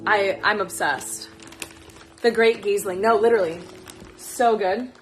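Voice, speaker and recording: A young woman chatting casually on a phone livestream, excitable and gushing, swearing freely as she talks about her favorite players. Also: mid-range voice, a little slow, soft background music. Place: at home, moving plants indoors.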